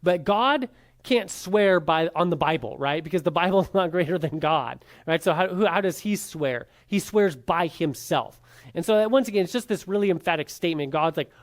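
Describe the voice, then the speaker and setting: Bible class teacher, mid pitch, informal lecture, casual fillers, tag questions, rhetorical questions to the class. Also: expressive, normal speed. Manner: asks the class rhetorical questions and then answers them.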